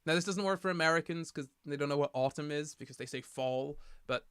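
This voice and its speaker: Young male streamer from the UK, tired and rambling, with a slightly high voice and a dry, close sound. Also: quick pace, hardly any pauses, a bit bright, smooth, no echo. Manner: rambling, self-mocking, reading chat aloud. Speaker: livestream host. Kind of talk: casual livestream chat.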